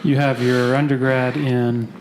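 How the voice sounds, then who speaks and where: A man's voice: medium pitch, flat delivery, measured pace, darkish tone, slight background noise. A man hosting a podcast, asking brief, friendly prompting questions. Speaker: podcast host. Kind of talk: interview questions.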